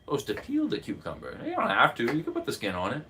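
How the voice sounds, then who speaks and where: A man's voice: a little high, wildly swooping pitch, fast, bright, forceful tone, slight background noise. A man from the United States who runs the chat on a live cooking stream, rambling and joking and laughing often. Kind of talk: casual livestream chat.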